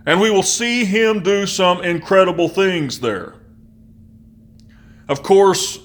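A pastor delivers a sermon in a slightly higher-than-average male voice. He preaches in a measured, emphatic way and slows down to stress key phrases. He drops into relaxed asides with fillers.

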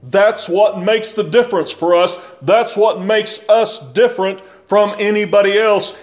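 An older man delivers a sermon in a fairly high voice. He speaks slowly and deliberately, leans on repeated phrases and puts rhetorical questions to his congregation. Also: steady tone. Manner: asks the listeners rhetorical questions. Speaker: preacher.

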